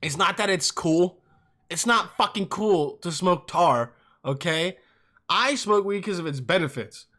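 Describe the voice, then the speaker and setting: Bright-voiced young man, rambling and profane. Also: high-pitched, expressive, unhurried. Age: young adult. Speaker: podcast host. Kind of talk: casual comic storytelling.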